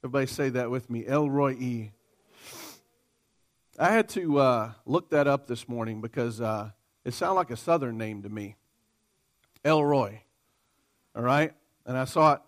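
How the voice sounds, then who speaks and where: A man's voice: medium pitch, unhurried, pauses often. A man preaching a sermon in a church, emphatic and calling on the congregation to respond. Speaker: pastor.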